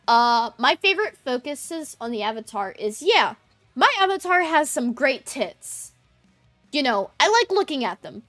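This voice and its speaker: A woman's voice: sits high, a bit bright. A woman streamer chatting casually with her viewers, rambling, playful and crude, laughing often. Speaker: VTuber streamer. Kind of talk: casual livestream chat with viewers.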